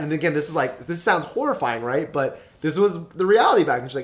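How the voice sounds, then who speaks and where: A young podcast guest rattles off loose, profane stories with hardly any pauses, his slightly high voice sing-song and fast. Fillers and asides abound, he imitates his mother when quoting her, and a little hiss or hum runs under the recording.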